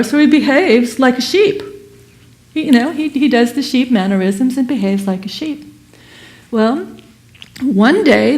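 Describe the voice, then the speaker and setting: Animated, higher-voiced woman telling a parable. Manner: animated, expressive storytelling. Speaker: speaker at a Sunday service. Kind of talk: sermon with storytelling.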